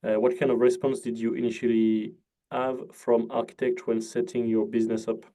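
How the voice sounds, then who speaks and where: A male host with a dark, mellow voice at a middling pitch asks his guest questions. He hesitates often, with many "uh" fillers, keeping a relaxed, conversational tone. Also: normal speed. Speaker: podcast host. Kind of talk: casual interview chat.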